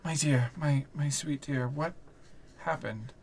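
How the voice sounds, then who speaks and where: A game master voicing a tender, hesitant ghostly lover who speaks softly and haltingly. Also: medium pitch, a little hiss or hum. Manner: soft, halting and gentle.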